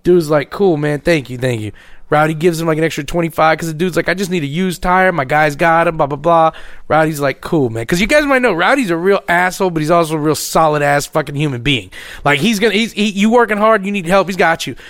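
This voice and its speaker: High-voiced profane storyteller man. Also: quick pace, no echo. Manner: profane, animated, acts out others in a lower voice. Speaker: podcast co-host telling a story. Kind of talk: casual storytelling chat.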